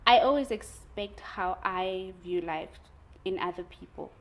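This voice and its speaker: A young woman talking candidly in a casual conversation, telling her stories in an animated way and laughing often. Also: fairly low pitch, measured pace, a little hiss or hum, poor audio. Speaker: guest.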